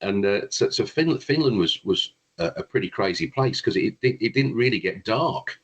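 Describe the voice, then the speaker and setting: A man's voice: lowish voice, expressive, normal speed, husky, lo-fi sound. A man, a guest brass player, telling long rambling anecdotes in a casual chat, with frequent restarts.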